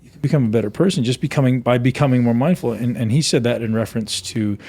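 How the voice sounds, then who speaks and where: A man's voice: medium pitch, warm tone, breathy edge. A man hosting a podcast, telling stories with enthusiasm and acting out what people said. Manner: fast, enthusiastic storytelling, acting out quotes. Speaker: podcast host. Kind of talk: casual podcast conversation.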